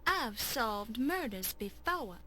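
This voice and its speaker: A woman's voice: on the high side, big pitch swings, slow pace, exaggerated voice. An actress playing a confident, plucky young woman amateur detective in an adventure game. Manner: bright and confident. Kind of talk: 1990s adventure game voice acting.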